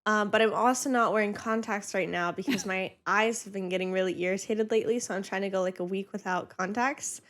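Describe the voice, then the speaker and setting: A woman's voice: mid-range voice, brisk, hardly any pauses, a bit bright. A young woman co-hosting a family podcast, chatty and laughing often. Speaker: podcast co-host. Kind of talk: casual family podcast chat. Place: home podcast studio.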